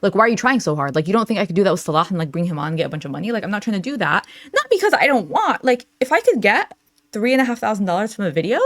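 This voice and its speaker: A woman's voice: medium pitch, big pitch swings, fast, a bit bright, no echo, clean studio sound. A young adult woman hosting a reaction channel, talking casually with lots of fillers and frequent laughs as she reads out chat messages.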